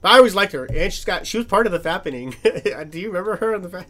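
A man's voice: high-pitched, animated, quick pace, a bit bright. A man co-hosting a podcast, chatting casually about movies, rambling and swearing, with frequent laughs. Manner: rambling, swears often, laughs between phrases. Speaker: podcast co-host.

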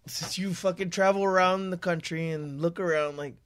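High-voiced man teasing in casual chat. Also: fairly even intonation, moderate pace, a bit bright, clear, resonant tone. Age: 30s. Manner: laughing, teasing, profane.

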